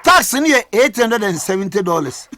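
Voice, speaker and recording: A man with a Ghanaian accent hosting radio talk, speaking haltingly with many fillers. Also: high-pitched, big pitch swings, pushed and bright. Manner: hesitant, many fillers, short interjections. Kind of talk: radio talk mixing Twi and English.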